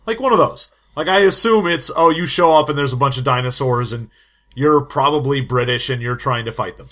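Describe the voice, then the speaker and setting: Man, podcast co-host, bright tone, sardonic quick asides, casual banter. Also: medium pitch. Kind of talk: casual comedic chat.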